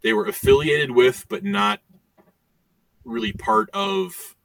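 Gravelly bright-voiced man, far from mic. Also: high voice, expressive, slow pace, no echo. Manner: rambling, many "you know" fillers. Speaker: podcast co-host. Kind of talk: casual chat. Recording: voice distant from the mic.

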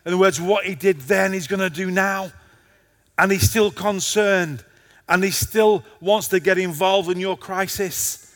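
A man's voice: sits high, steady tone, measured pace, a bit bright, big-room sound. A male pastor preaching a passionate sermon to a congregation, his intensity rising and falling.

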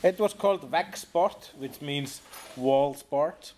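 Joking man from Iceland, slightly high voice. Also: darkish tone, slight background noise. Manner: playful, quick with jokes. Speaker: podcast co-host. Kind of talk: casual chat.

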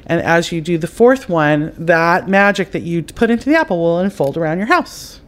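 A woman hosting a podcast, giving spiritual advice in an unhurried, meandering way and speaking straight to the listener. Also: fairly low pitch, animated. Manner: intuitive, meandering, addresses the listener directly; unhurried, with frequent fillers and self-corrections. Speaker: psychic advice podcast host.

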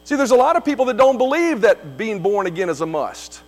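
A man's voice: high-pitched, big pitch swings, fairly quick. A man preaching a sermon as pastor, emphatic, repeating key phrases, with frequent fillers.

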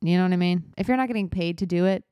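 Young woman venting on her podcast, smooth lowish voice, kinda rambly and earnest, super dry close mic. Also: racing, mellow, no echo. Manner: earnest and open, with fillers and restarts. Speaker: podcast host. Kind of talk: reflective solo podcast talk.

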